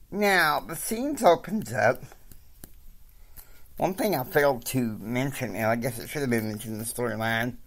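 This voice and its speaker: A man casually reading his own story aloud, with rambling asides. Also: mid-range voice. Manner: rambling asides, frequent fillers.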